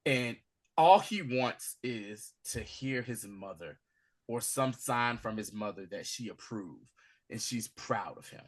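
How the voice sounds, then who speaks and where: A man hosting a casual recap, acting out scenes with slang and swings from loud to hushed. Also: mid-range voice, expressive, slow pace. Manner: acts out scenes in dramatic voices, swinging from shouting to hushed; profane, street slang. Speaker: podcast host recapping a TV episode.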